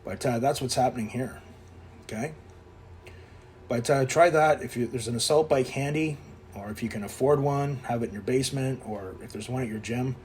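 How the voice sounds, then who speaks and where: A Canadian-accented man in his fifties, a fitness vlogger, narrates over his workout footage in a blunt coaching style, swearing freely. His mid-range voice has a darkish tone and moderate pace, with slight background noise in this casual voice-over vlog.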